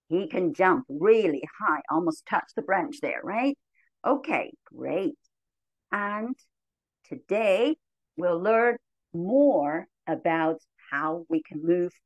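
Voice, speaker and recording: Demonstrating a model lesson, a teacher trainer teaches English to small children in a cheerful, expressive, slow and clear manner, her pitch jumping sharply whenever she gives commands. The audio is poor but has no echo.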